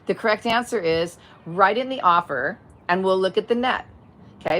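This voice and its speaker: A woman's voice: medium pitch, bright, forceful tone, slight background noise. A middle-aged woman, a real estate agent, hosting a casual livestream, explaining step by step and greeting viewers as they join. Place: at home, outdoors or by a window, wind.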